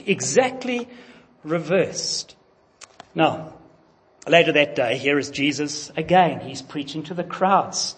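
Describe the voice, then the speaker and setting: High, lively male preacher. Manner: emphatic, questioning the congregation. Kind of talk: sermon. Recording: long reverb of a large hall.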